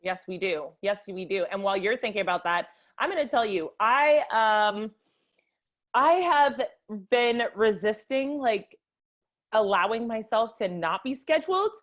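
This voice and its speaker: A woman's voice: medium pitch, measured pace. Chatty laughing woman, Boston accent. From United States. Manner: animated, laughing, lots of "like" fillers. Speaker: podcast co-host. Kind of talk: casual live podcast chat.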